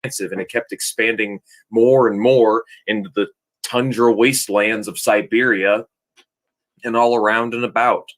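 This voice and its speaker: Man, low voice, casual reaction commentary, rambling, loses his thread. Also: steady tone, moderate pace. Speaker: streamer reacting to a video.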